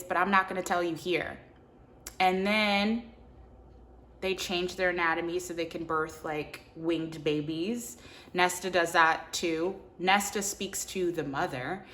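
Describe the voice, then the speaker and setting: Lady rambling about a book she loved, lots of likes, slightly low voice, gets really animated. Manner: animated, filler-heavy, acts out characters' lines. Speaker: book reviewer. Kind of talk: casual book review chat.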